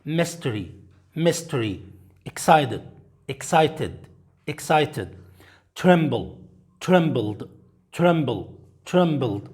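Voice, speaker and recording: A man who speaks as his leads an English vocabulary drill, reading each word slowly and then repeating it. His voice sits a little high, and he says every word clearly so students can copy it. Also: animated, darkish tone. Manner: clear, deliberate pronunciation for learners to repeat. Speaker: English teacher.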